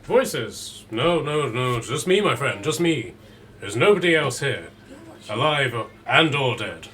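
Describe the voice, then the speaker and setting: A man voicing a smooth-talking aristocrat in fine robes with a put-on Eastern European accent, courtly and evasive, repeating his words. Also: medium pitch, big pitch swings, slow pace, sharp tone, a little hiss or hum, full character voice. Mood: smooth, insistent.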